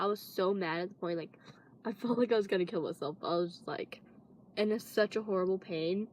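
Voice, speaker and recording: A woman's voice: mid-range voice, fairly even intonation, moderate pace, dry recording. Woman, teens, casual storytelling vlogger, rambling, frequent fillers. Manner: rambling, many fillers and restarts.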